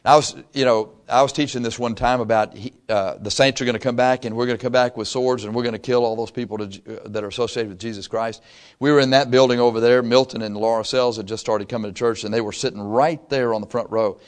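A man's voice: medium pitch, fairly even intonation, fast talker, clean tone. Pastor teaching bible to his church, easygoing storyteller, asks folks questions, medium voice. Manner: conversational storytelling, asks the congregation questions, chuckles.

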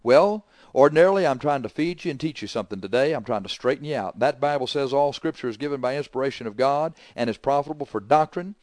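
A man preaching a sermon, scolding forcefully and swinging between loud emphasis and quiet asides. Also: mid-range voice, lively intonation, quick pace, few pauses, no echo.

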